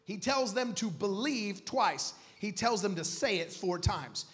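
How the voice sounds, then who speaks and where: A man preaching a sermon as pastor, moving from quiet teaching to shouted declarations. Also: high-pitched, expressive, a little slow. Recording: long hall reverb.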